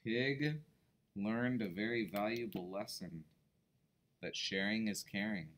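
A man reading a picture book aloud to children, expressive and pausing to explain words. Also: on the low side.

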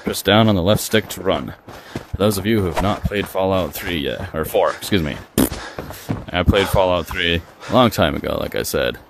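A man's voice: sits low, normal speed, very noisy. A young adult man giving casual, joking commentary while playing a video game. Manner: chatty, joking, reacting aloud. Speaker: gaming streamer.

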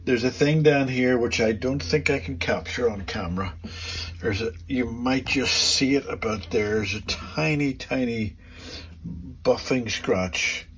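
A man's voice: mid-range voice, measured pace, fairly bright tone, a little hiss or hum, low-quality recording. A middle-aged man working as a luthier, chatting through each step of a guitar setup in his workshop. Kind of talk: workshop demonstration to camera.

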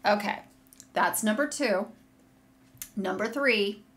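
A woman hosting a knitting video podcast from a room at home, chatting casually and gushing excitedly to viewers as she shows yarn. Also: medium pitch, slow. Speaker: podcast host. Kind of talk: casual chat showing yarn on camera. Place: home room with a curtain behind her. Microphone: desk setup facing a monitor.

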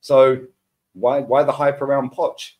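A man's voice: medium pitch, level tone, measured pace, darkish tone. A man, ranting as a football podcast pundit in heated casual chat, full of slang and repeated words.

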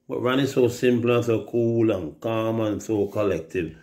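On a livestream, a Jamaican reggae artist chats casually, spinning rambling, profane stories and frequently imitating other people's voices. His voice is medium-pitched, at a normal speed, with barely any pauses.

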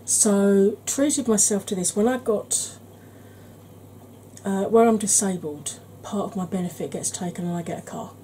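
A woman hosting a makeup tutorial, chatting in a rambling, conversational way and sometimes dropping into a soft whisper. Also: mid-range voice, measured pace, a little hiss or hum, rough recording. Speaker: beauty channel host.

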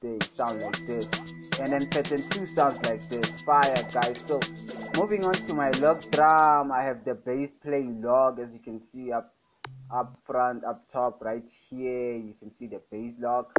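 Young male tutor, slow relaxed delivery, keeps hyping the sounds as he goes; loud music under him. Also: medium pitch. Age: young adult. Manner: enthusiastic, repeats "fire, guys". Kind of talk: casual screen-recorded tutorial. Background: loud music playing.

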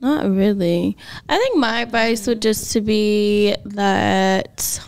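A woman co-hosting a podcast in casual chat, relaxed and supportive. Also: medium pitch, slow pace, no echo, studio quality. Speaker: podcast co-host.

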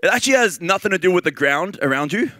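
A man with an Australian accent preaching a sermon in a lively, conversational way, with fillers and repeated phrases. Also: high-pitched, fast, no room sound.

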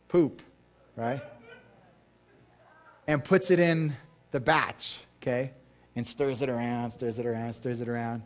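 Speaking at medium pitch, a male pastor preaches in church in a casual, conversational way, questioning the congregation and acting out the voices of people in his stories.

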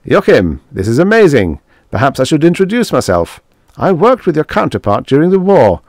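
An eager, enthusiastic engineer, loud and bright with excitement, played by a male reader. His voice sits raised and lively, with a slight gravel, close and dry. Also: a little high, normal speed, dry recording, pitched above the performer's own voice.

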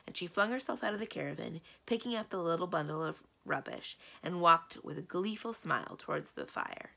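A woman librarian reads a children's story aloud with lively, expressive storytelling. Her voice sits a little low with a gravelly texture. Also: fairly quick. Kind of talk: children's book read-aloud.

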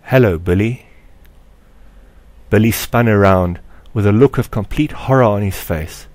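A man narrating his own story aloud in a measured, expressive audiobook reading. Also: lowish voice, no echo. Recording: dry close recording.

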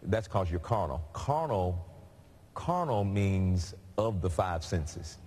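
Low-voiced man preaching. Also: takes it slowly, husky. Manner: conversational, animated storytelling with laughs. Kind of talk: sermon.

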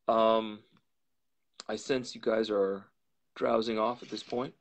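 A man hosting a storytelling show, slowly and deliberately reading a classic novel aloud. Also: lowish voice, fairly even intonation. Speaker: storyteller host.

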